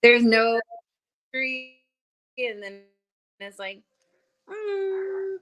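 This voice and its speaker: A woman's voice: medium pitch, moderate pace, a bit bright, poor audio. A woman guest on a podcast, talking casually about dating and filling her speech with "like". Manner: chatty, many fillers like "like". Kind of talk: casual chat.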